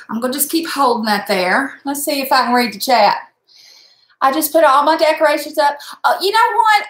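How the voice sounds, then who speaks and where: A woman's voice: sits high, a bit bright. Chatty woman crafting at home. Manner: chatty, blunt, mild cursing, talks while working. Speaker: crafting vlogger. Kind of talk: casual crafting livestream chat. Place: home room, indoors. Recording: echoey room sound.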